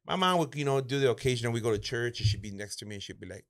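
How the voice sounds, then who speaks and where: Animated Mexican American man telling stories. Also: mid-range voice, racing. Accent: Mexican American English with Spanish phrases. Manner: animated, acts out voices in quotes, swears freely. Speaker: podcast co-host. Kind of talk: casual storytelling chat.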